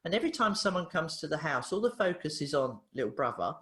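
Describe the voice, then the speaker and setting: Woman, therapist guest, animated storyteller, very expressive pitch, roomy echo. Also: quick pace. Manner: animated, acts out voices in her anecdotes. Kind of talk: casual storytelling interview.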